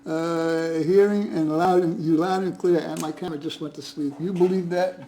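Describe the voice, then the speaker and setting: High-voiced man hosting a chatty livestream. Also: fairly even intonation, a little slow, mellow, slight background noise, rough recording. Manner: greets viewers one by one, friendly and chatty with frequent chuckles. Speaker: livestream host. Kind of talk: casual live-stream chat. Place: at home.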